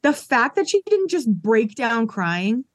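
A woman's voice: on the high side, sing-song, slow, no room sound, clean studio sound. A woman in her thirties, a podcast guest chatting casually and explaining reality-show details matter-of-factly. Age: 30s.

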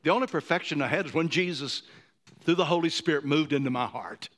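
A man in his sixties preaching a sermon, moved to tears, who swings from ringing high declarations down to hushed near-whispers. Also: fairly quick. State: emotional, choked up. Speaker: pastor.

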